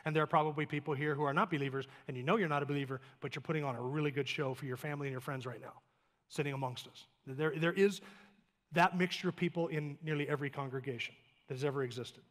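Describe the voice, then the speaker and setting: A male pastor delivers a sermon at a fast clip, his voice sitting a bit high. He drives points home with runs of short emphatic phrases, then drops into easy, joking asides. The sanctuary adds a long reverb tail. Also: steady tone, a bit bright. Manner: emphatic, building lists of short clauses; plain conversational asides with light humor. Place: church sanctuary.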